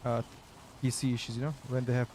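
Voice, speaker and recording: A man's voice: medium pitch, flat delivery, mellow, slight background noise. Man chatting casually over a game stream. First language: Kurdish. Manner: halting, searching for words in English. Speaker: streamer playing with a teammate. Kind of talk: casual gaming chat.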